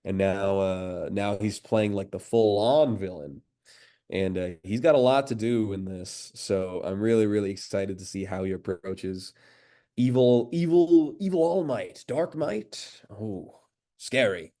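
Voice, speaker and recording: A man's voice: sits low, fairly even intonation, measured pace, mellow. A man from the United States, a voice actor talking in a casual interview with an enthusiastic, admiring manner. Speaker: voice actor guest.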